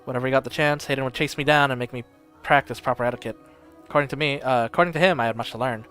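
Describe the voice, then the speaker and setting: A man streaming and reading a story game aloud in steady first-person narration, with occasional slips. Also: mid-range voice, racing, faint music behind.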